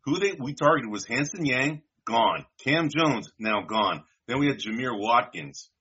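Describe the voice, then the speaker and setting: Speaking unhurriedly in a medium-pitched voice, a man with a bright, forceful, slightly rough tone and lively intonation co-hosts a casual podcast. He wanders through draft picks in a loose way, addressing his partner as dude and bro, on a dull lo-fi recording.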